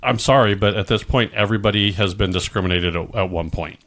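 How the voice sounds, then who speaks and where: A man from the Midwest co-hosts a podcast in a low voice. He rambles in casual chat, restarts often and drifts off on tangents. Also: fast talker, fairly bright tone. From American Midwest. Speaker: podcast co-host.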